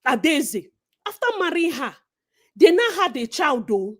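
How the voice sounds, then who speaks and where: A Nigerian woman co-hosting a casual gossip chat, animated and preachy, slipping into Pidgin. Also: high voice, moderate pace. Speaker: co-host.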